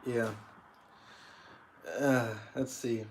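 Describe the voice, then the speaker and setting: A man's voice: medium pitch, little pitch movement, very slow, slight background noise. A young man hosting a livestream, chatting casually with viewers in a rambling way, with many restarts and fillers. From United States. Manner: laid-back, swears casually. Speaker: livestream host. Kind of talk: casual livestream chat reading comments.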